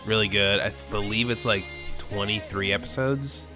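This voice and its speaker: A man's voice: fairly low pitch, moderate pace, music in the background. A man chatting casually, rambling with frequent restarts and fillers. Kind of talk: casual chat.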